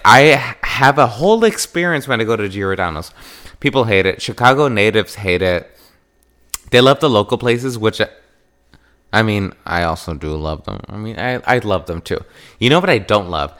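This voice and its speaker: Man, podcast host, from Wisconsin, casual monologue, bright tone, lots of pitch swing. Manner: animated and emphatic, acts out quoted exchanges.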